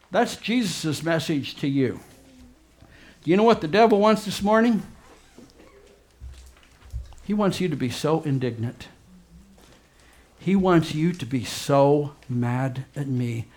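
A man preaching a fervent sermon as pastor, swinging between loud urgent emphasis and quiet low asides. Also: a little slow.

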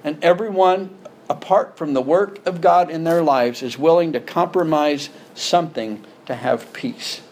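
A man's voice: a little high, measured pace, darkish tone, a little hiss or hum. A man preaching a sermon as a pastor, talking plainly and building to emphatic points. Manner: conversational preaching, rising to emphatic.

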